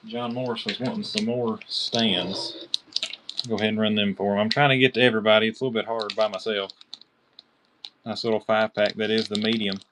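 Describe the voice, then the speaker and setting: A man's voice: on the low side, fairly quick, background noise. Chatty Kentucky man auctioning knives live. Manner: chatty, excited, calls out bidders by name. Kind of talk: live-stream auction selling.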